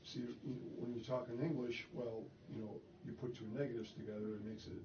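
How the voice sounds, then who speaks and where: A man's voice: mid-range voice, level tone, brisk, background noise. A man in a Bible study group, talking hesitantly with restarts. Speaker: church member in Bible study. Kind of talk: casual discussion. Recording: echoey room, far from the mic, lo-fi.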